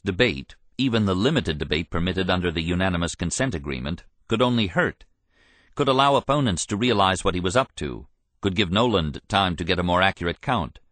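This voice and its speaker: Measured male narrator for nonfiction audiobook, low voice, dry close sound. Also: a bit bright, no room sound. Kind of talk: scripted narration.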